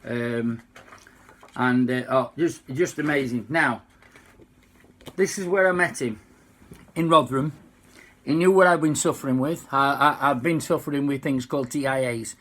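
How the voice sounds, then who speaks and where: A man with a Yorkshire accent, unwell, chatting to fans in a halting, heartfelt way. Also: medium pitch, fairly bright tone. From Yorkshire, England. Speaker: singer and tribute impersonator. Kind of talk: casual fan video chat.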